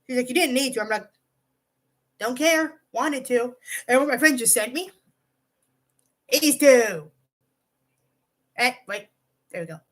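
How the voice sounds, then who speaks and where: A woman's voice: sits high, animated, unhurried, pauses often, a bit bright. A young woman casually telling a rambling personal story, swearing freely and often restarting her sentences. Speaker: vlogger.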